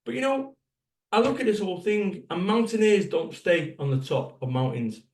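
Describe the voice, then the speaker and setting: A fifties man delivers a motivational keynote, blunt and sweary and firing rhetorical questions at the crowd. His voice sits a little high for a man. It carries from a distance in an echoey hall. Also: lively intonation, moderate pace, darkish tone. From Salford, England. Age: 50s. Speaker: motivational speaker.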